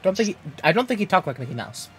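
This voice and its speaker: A man streaming an online game, chatting casually and haltingly with his co-player. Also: sits high, big pitch swings, a bit bright, breathy edge, faint music behind. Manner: laid-back, halting, with frequent fillers. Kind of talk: casual chat while gaming.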